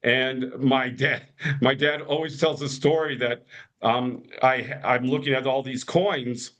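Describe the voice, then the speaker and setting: A man in his fifties with a mid-range, somewhat bright voice and fairly even intonation tells casual stories a little slowly as a podcast guest. He rambles with many restarts and fillers, acting out quoted voices along the way.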